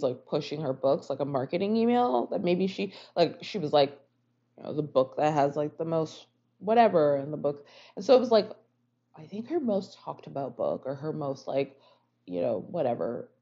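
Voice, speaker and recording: A woman's voice: low voice, warm tone. A woman giving a casual book review monologue, rambling and filling her talk with "like". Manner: rambling, heavy use of "like" fillers. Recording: slightly muffled lo-fi recording.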